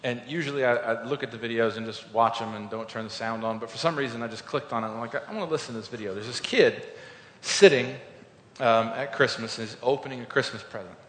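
A man's voice: mid-range voice, fairly even intonation, brisk. Man preaching in an echoey hall. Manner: informal, storytelling, builds to loud emphatic peaks. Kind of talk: conversational sermon.

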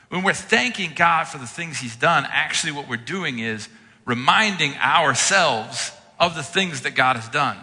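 Man, pastor preaching a sermon, very bright forceful voice, animated storytelling, long echoing hall reverb. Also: on the high side. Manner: animated storytelling, acting out his own reactions.

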